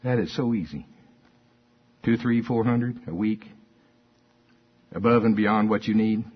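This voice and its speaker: An older pastor with a drawl preaches in a husky, slightly breathy voice. He talks to the congregation in a folksy, conversational way and hammers his points home through repetition. The recording sounds dull and lo-fi. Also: on the low side, measured pace. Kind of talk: sermon. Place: church.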